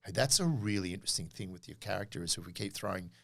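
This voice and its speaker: A middle-aged Australian man, a podcast guest, telling animated stories in a casual interview and acting out quoted dialogue. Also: low-pitched, fast talker, creaky.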